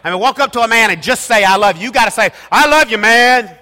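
A man's voice: high voice, very fast, bright, forceful tone. Emphatic preaching man in an echoing hall. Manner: emphatic preaching, repeats phrases, calls out to the congregation. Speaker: pastor. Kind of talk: sermon. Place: church hall.

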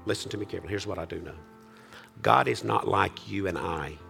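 A man pastor closing a church service with a farewell prayer, speaking earnestly, halting and restarting. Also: low-pitched, creaky, sharp tone, faint music behind. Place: church sanctuary.

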